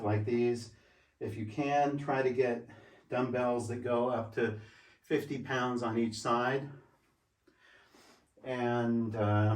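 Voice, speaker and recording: A man's voice: mid-range voice, recorded from a distance. A man in his sixties talking casually in a home vlog, a little out of breath, emphatic and repeating his points as he demonstrates. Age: 60s. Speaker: fitness vlogger. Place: room at home. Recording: roomy, from away from the mic.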